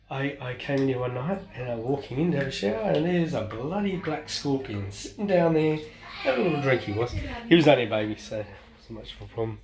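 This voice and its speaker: A man's voice: mid-range voice, expressive, quick pace, background noise. A man, chatting casually on a live stream and showing things around a house. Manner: chatty, exclaims often, swears lightly.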